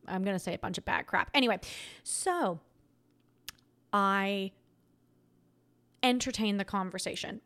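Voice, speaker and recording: A young woman hosting a podcast, telling a breakup story in a casual, animated way, often laughing and getting loud and high when worked up. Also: unhurried, pauses often. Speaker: podcast host.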